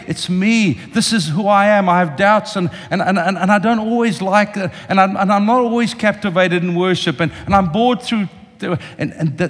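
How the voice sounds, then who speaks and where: Impassioned older preacher in a reverberant hall. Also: male voice, sits high. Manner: impassioned, speaks directly to the congregation. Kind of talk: sermon. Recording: long reverb of a large hall.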